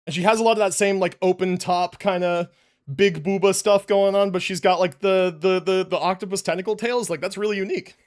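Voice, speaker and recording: A man's voice: high voice, fairly even intonation, fairly quick. A young man livestreaming from home, chatting casually and loosely with many restarts and fillers. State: out of breath after push-ups. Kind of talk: casual live-stream chat. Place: home room. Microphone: desk mic, moves away from it.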